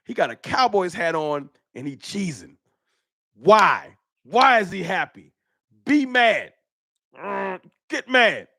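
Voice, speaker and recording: A man's voice: high-pitched, big pitch swings, slow pace, vocal fry, bright, forceful tone, dry recording, studio quality, full character voice. A man acting out a sneering, sour adult male troll fan with a mocking, scornful manner.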